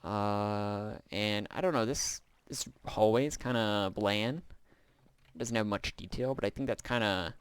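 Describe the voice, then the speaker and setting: A man's voice: fairly low pitch, measured pace, smooth, no room sound. A man giving casual, rambling gameplay commentary as he shows a build, with frequent filler sounds. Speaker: gameplay video host.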